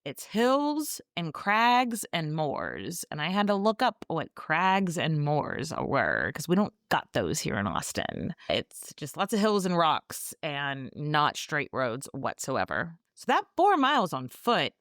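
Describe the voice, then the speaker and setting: Animated, sarcastic woman podcast host. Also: sits low, slow, few pauses, dry recording, studio quality. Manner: sarcastic, profane, chatty. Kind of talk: casual book recap.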